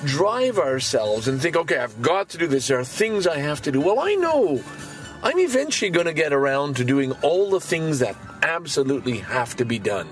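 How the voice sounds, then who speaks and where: A man of sixty-five hosting his podcast in a casual monologue, swinging from quiet musing to loud, cursing outbursts and repeating words to drive a point home. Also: on the high side, big pitch swings, moderate pace, faint music behind. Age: 60s. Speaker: podcast host.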